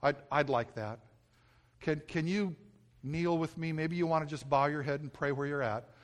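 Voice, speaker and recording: A male pastor preaching earnestly and telling a personal story, often dropping to a soft, hushed voice and repeating himself when moved. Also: fairly high pitch, normal speed. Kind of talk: sermon.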